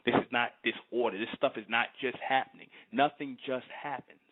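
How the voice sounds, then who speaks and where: A man's voice: medium pitch, steady tone, brisk. Emphatic man on a tinny line. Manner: emphatic, repetitive, often asks "you understand?". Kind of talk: fervent monologue to camera. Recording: tinny phone-like sound.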